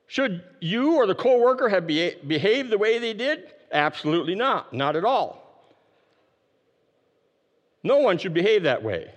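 A man preaching a sermon, emphatic and repeating his key phrases, dropping his voice low to stress a point. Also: sing-song, normal speed, long pauses, long reverb tail. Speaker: pastor.

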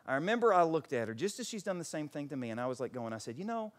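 This middle-aged pastor's voice is a little high, rapid-fire, and full of big pitch swings. His sermon alternates between near-shouting fervor and soft, intimate storytelling, with acted-out voices whenever he quotes someone.

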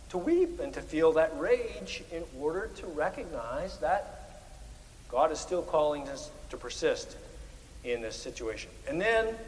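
A man preaching a Presbyterian sermon, animated, with emphatic rises on key words. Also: a little high, big-room sound, a little hiss or hum, rough recording. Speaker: pastor.

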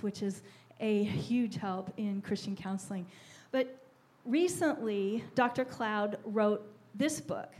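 A woman's voice: medium pitch, darkish tone. A woman leading a church teaching session, enthusiastic as she shares what she learned at a counseling workshop. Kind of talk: teaching talk.

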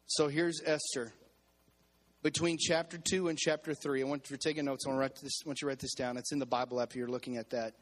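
A man's voice: mid-range voice, fairly even intonation, fast talker. A man preaching a sermon as pastor to his church, calling on the congregation to respond and repeating phrases as he builds intensity.

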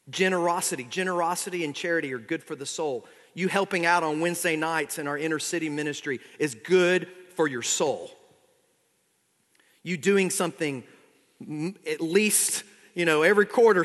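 A male pastor delivering an expository sermon in a slightly higher voice, dropping to soft asides and rising into pointed exhortation. His words ring out with a long reverb from a large hall. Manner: expository preaching, swings from quiet asides to emphatic exhortation.

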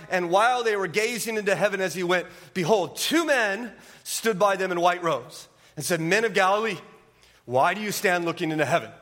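A man's voice: high voice, a bit bright. Pastor man preaching in a hall. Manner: emphatic, asks rhetorical questions. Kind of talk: sermon. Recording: long reverb of a church hall.

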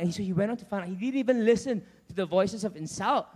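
Male preacher with a very high voice and a lively storytelling delivery, recorded in an echoing hall. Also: fast talker, slightly rough. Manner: animated storytelling, acting out characters. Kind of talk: sermon. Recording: long church hall reverb.

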